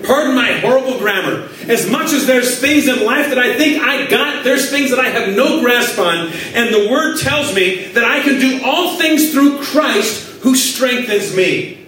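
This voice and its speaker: Male pastor, high voice, lively storyteller, heard from far off in an echoey church. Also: unhurried. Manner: animated storytelling, acting out his own prayers. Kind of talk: sermon.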